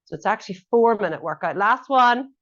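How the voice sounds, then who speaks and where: A woman fitness instructor calls out encouraging cues through a workout, breaking off now and then for chatty, self-mocking jokes. Her voice sits at an ordinary middle pitch for a woman. The audio is dull and a bit lo-fi. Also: animated, brisk, fairly bright tone. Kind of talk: coaching a live workout class.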